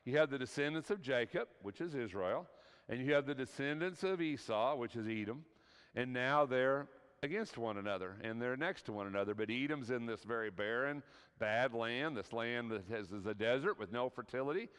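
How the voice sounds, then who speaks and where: A man's voice: medium pitch, animated, moderate pace, a bit bright, clear, resonant tone. A man teaching an evening Bible class at a church, talking conversationally and often checking in with his listeners. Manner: conversational, keeps checking in with "right?". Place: church hall. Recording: long hall reverb.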